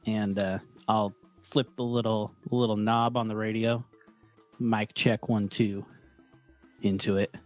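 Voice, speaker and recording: A man playing a tabletop game, speaking in a laid-back, halting way with fillers. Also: fairly low pitch, little pitch movement, darkish tone, soft background music. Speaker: player. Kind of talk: casual tabletop play.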